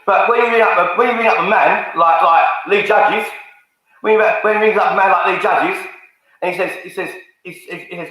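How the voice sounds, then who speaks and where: Brief: man, bright high voice, confrontational swearing rant, very echoey room. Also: a little fast. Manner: confrontational, swearing, repetitive, calls people out. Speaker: fan channel YouTuber. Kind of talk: angry rant to camera.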